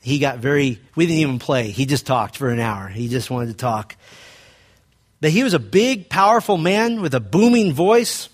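A man pastor preaching a sermon, telling a personal story and dropping low and quiet to stress his points. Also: lively intonation, normal speed.

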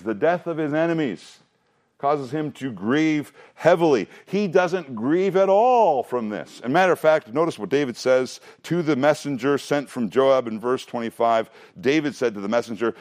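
Man, pastor, casual sermon delivery with rhetorical questions and quick acted asides. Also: medium pitch, a little mellow. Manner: conversational, asks rhetorical questions, laughs often.

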